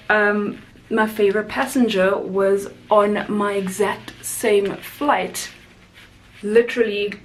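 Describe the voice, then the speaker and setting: A young woman from South Africa, a flight attendant vlogger, chatting casually and animatedly while doing her makeup. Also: a little hiss or hum. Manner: chatty, animated storyteller, rising high for quoted voices. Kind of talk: casual makeup chat and storytime.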